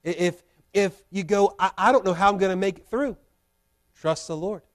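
A man's voice: high voice, normal speed. A male pastor preaching a sermon in a church, earnest and full of repeated rhetorical questions. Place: church sanctuary.

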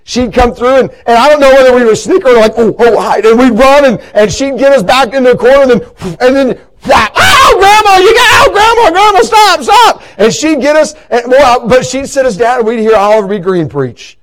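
A man's voice: very high voice, brisk, few pauses, poor audio. A middle-aged man preaching a sermon in a church, telling folksy stories with many stammered restarts. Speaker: pastor.

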